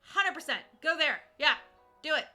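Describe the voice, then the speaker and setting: Young woman streamer, high piercing voice, chatty and teasing, swears freely, crafting on stream. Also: animated, normal speed, sharp tone, faint music behind. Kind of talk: casual live-stream chat while cross-stitching.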